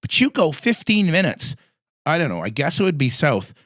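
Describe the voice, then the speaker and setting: A male host in casual conversation who spins animated anecdotes. His voice sits a little high for a man, and the recording is close and dry with no room around it. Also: normal speed, no echo. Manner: animated anecdotes, acts out quoted lines. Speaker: podcast host. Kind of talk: casual chat, storytelling.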